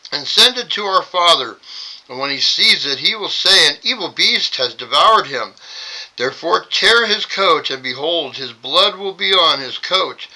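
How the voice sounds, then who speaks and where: A scheming young brother talks his siblings into a plan, read by a man. The voice is slightly high and very bright and edgy, with a persuasive, hushed, plotting manner. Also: full character voice, low-quality recording.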